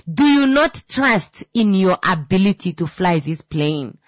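Woman, low voice, earnest lecturing, motivational radio talk, dry sound. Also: lively intonation, a little slow, hardly any pauses, no room sound. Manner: earnest, lecturing, rhetorical questions. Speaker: radio host.

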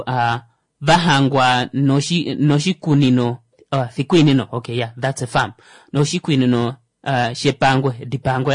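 A man's voice: medium pitch, dry recording. A man with a Namibian accent hosting his own show, reading an article aloud with joking asides and stumbling over the words. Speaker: show host. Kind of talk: solo commentary reading a news article.

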